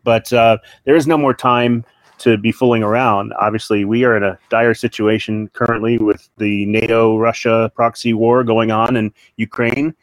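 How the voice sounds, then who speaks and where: A man talking politics as an interview guest, halting with many restarts and fillers, then hammering his points home with repetition. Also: on the low side, level tone, no echo, poor audio. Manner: emphatic, repeats points. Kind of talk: casual political talk.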